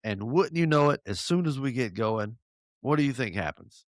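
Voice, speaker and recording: Southern male host, mid-pitched, lively storyteller, dry close-miked sound. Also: normal speed, no echo. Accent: Southern American. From North Georgia, USA. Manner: animated storyteller, acts out quotes, chuckles. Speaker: podcast host. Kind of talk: casual podcast chat.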